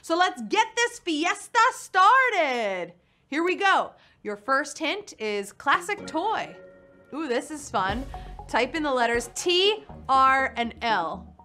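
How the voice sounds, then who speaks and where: A woman's voice: sits high, very animated, slow, sharp tone, faint music behind. A young woman hosting a live quiz show, playful and punny, chatting with her players. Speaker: game show host. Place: studio in New York.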